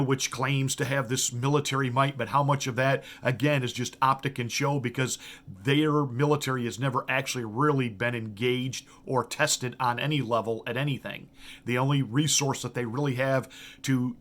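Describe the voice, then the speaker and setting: A man's voice: medium pitch, fairly bright tone. A middle-aged man, a pastor, giving a political commentary monologue full of rhetorical questions, emphatic and repeating words as he restarts.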